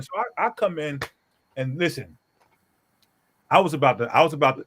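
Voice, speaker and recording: Animated, emphatic middle-aged pastor. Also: male voice, on the high side, moderate pace, pauses often, breathy edge. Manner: animated and emphatic, often tags lines with "okay?". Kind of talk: storytelling in a casual group talk.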